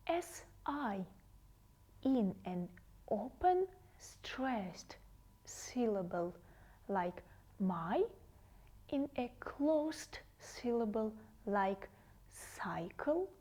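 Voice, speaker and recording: A woman English teacher giving a TV lesson to children, saying each word slowly and carefully and repeating it twice. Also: on the high side, sing-song, dark tone.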